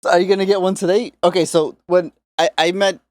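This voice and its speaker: A young man hosting a podcast, relaxed and quick to laugh. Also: sits high, no echo. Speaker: podcast host. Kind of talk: casual chat. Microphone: studio podcast mic.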